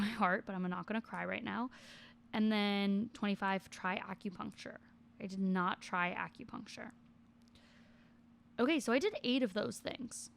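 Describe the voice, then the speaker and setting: A woman's voice: medium pitch, creaky, slight background noise. A young woman in her twenties chatting casually in a vlog, reading out a list and commenting on each item with self-deprecating asides. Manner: reads list items then comments on each. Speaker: vlogger.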